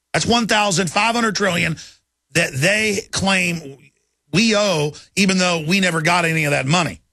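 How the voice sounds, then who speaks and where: A fiery male talk radio host with a gravelly, husky voice that has a bright, forceful edge. He rants in a sarcastic, mocking way and breaks into jabbing impressions. The sound is dry and close. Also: fairly high pitch, no room sound. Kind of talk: heated talk radio monologue.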